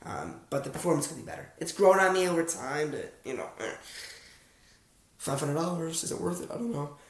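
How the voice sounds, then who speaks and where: A young American guy with a high-pitched, creaky voice talks fast and animatedly, rambling casually to viewers in a fragrance unboxing vlog. He's self-aware as he chats from a room at home at night, and the recording sounds echoey.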